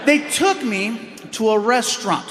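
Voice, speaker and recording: High-voiced man doing stand-up. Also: measured pace, heavy background noise. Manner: animated, acts out voices in his stories. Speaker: stand-up comedian. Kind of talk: stand-up storytelling. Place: live show before a loud crowd. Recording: live stage mic with loud crowd.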